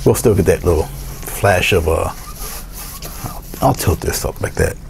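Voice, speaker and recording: A man giving a casual painting tutorial, talking through each step in a relaxed way as he works. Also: low-pitched, a little slow, creaky. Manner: relaxed, talks to himself while working, thinks aloud. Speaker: painting instructor.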